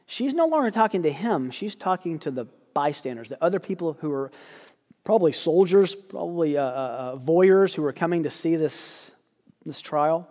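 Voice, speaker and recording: A guest preacher giving a sermon, telling the story in a lively way and acting out quoted lines. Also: male voice, a little high, normal speed, big-room sound.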